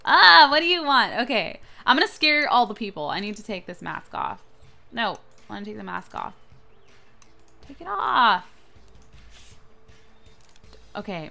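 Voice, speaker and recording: A young woman runs a gaming channel, her fairly low voice carrying vocal fry. Her let's-play commentary is excitable and playful, peppered with squeals and giggles.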